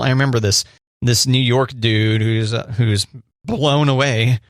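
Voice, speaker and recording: A man's voice: medium pitch, no echo, studio quality. A man co-hosting a radio show, chatting casually and teasing his co-host with playful quiz-style questions. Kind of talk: casual banter.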